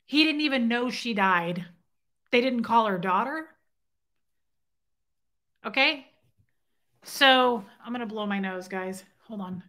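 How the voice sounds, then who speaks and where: An outspoken woman tells a story straight to camera in a bright, forceful voice. She talks indignantly, swears casually and keeps asking her viewers "right?" as she rambles along. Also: on the high side, animated, slow, long pauses. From grew up in Scientology. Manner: rambling, loops back with "okay?" and "right?". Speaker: vlogger telling a personal story.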